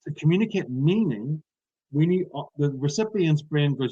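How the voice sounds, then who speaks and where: With a warm, slightly breathy voice pitched fairly high, this man coaches speakers in an interview, using emphatic examples to explain his feedback. He sounds animated and keeps a moderate pace, though the lo-fi audio is dull.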